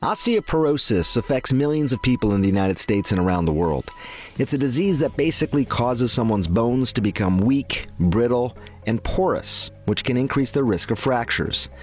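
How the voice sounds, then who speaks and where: A man giving a scripted health explainer in a clear, explanatory way. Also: mid-range voice, animated, moderate pace, soft background music. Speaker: health podcast host. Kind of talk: scripted narration.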